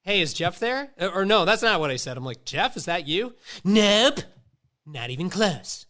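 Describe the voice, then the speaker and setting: A man's voice: high voice, moderate pace. A man in his late thirties telling stories in casual, profane chat and acting out the voices of the people in them. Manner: profane, animated, acts out quoted voices. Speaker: podcast host.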